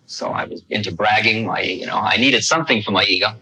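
A man's voice: on the low side, quick pace, bright, forceful tone, slightly rough, rough recording. A man telling a personal story in a conversational, self-mocking way, with restarts and asides. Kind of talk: storytelling talk.

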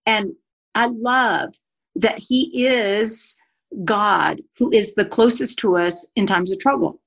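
A woman's voice: mid-range voice, creaky. A woman guest, an author and speaker, talking animatedly and emphatically about faith in a podcast conversation. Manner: animated and emphatic, quick asides with laughter.

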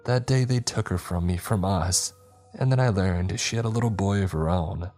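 A man's voice: low voice, normal speed, darkish tone, faint music behind, pitched above the performer's own voice. A man doing an anxious, pleading mother. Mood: bitter. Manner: pleading, defensive. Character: anxious middle-aged mother hiding a secret.

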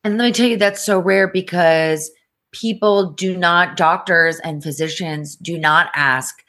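A woman's voice: lowish voice, fairly even intonation, measured pace, a bit bright. A woman speaking frankly as a podcast guest, emphatic and conversational, often saying "you know" and "like". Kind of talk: candid conversational storytelling.

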